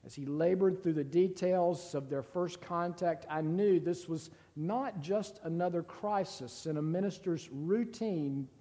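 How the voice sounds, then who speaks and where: A man reading a story aloud in a slow, deliberate and somber way, with a long reverb. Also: high-pitched, warm tone.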